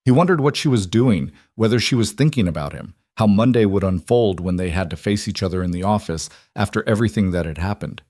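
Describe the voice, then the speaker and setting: A man reading a story aloud as narrator, in an even storytelling delivery. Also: lowish voice, fairly quick, few pauses, no room sound, clean studio sound.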